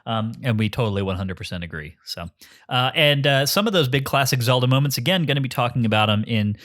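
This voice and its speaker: A man's voice: medium pitch, expressive, quick pace, a bit bright. A man hosting a podcast in casual chat, easygoing and self-mocking as he steers the talk. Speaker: podcast host.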